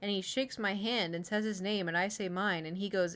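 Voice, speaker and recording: Reading out her old diary on a stream, this Oklahoma woman in her thirties giggles and pokes fun at herself, her chatter full of fillers. She talks fairly quickly with hardly any pauses, in a steady, fairly bright, medium-pitched voice.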